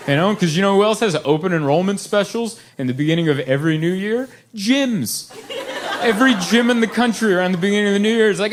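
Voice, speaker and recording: Animated man doing stand-up in a club. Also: quick pace. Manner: animated storytelling, high-pitched voices for his wife. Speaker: stand-up comedian. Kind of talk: stand-up comedy set. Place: comedy club stage with audience laughing. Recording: live club recording with crowd noise.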